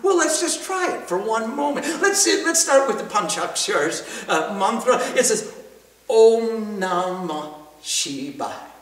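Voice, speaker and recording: A man teaching a class on Sanskrit meters and breathing, leading the chanting and practice with soft laughs. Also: very high-pitched, lively intonation, normal speed. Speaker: spiritual teacher. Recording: roomy hall, from far off.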